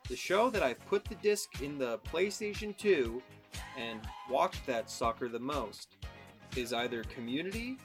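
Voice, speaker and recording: A man's voice: fairly high pitch, lively intonation, unhurried, a bit bright, faint music behind. A young man hosting a casual podcast, joking around with mock-grand introductions. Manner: playful, jokey, mock-grand delivery. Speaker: podcast host. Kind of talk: casual chat.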